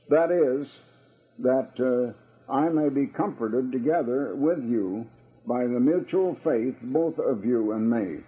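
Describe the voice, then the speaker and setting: Man, preacher, slow deliberate sermon, husky voice, tinny radio broadcast. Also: medium pitch. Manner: slow, deliberate reading and explaining of scripture with frequent "uh". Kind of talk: Bible-study sermon.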